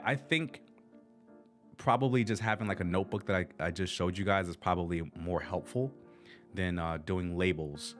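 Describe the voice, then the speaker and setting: A man with a very low voice and an American accent, hosting a laid-back livestream. He rambles and restarts his sentences as he chats directly to his viewers, with faint music playing behind him. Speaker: channel host. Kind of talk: casual livestream tips.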